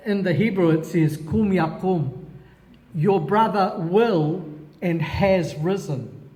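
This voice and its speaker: A man leading a Bible study, animated, asking himself questions and dropping in Hebrew words. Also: sits high, long reverb tail. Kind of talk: expository Bible teaching.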